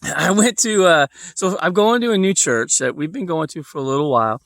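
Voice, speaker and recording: Male vlogger, casual storyteller, meandering delivery; slightly high voice, dry close recording. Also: expressive, fairly quick, gravelly, fairly bright tone, no echo. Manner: rambling, with lots of fillers and restarts.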